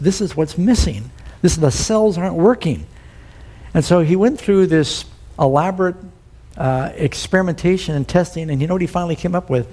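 Guy preaching a sermon, warm darkish voice, keeps asking the crowd stuff. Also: mid-range voice. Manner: storytelling, asks the congregation questions. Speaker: pastor.

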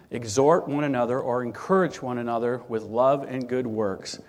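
A man's voice: mid-range voice, moderate pace, hardly any pauses. Man telling a story from the pulpit. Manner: conversational storyteller, frequent restarts and fillers. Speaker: church speaker. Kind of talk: sermon with personal testimony.

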